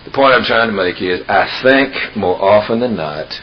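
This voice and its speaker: A man preacher giving a sermon, telling humorous stories in an unhurried, folksy way with emphatic pauses. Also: lowish voice, expressive. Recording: dull lo-fi tape with hiss.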